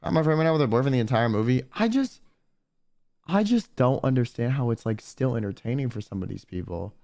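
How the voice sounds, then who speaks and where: A young man, a streamer, telling a profane, animated story in casual chat and quoting people in put-on voices. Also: mid-range voice, fairly quick, vocal fry.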